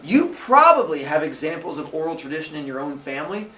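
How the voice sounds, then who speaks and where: Man, young adult, teacher, playful storytelling, lively pitch, echoey classroom. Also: fast, recorded from a distance. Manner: playful, acts out characters. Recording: echoey classroom, faint noise.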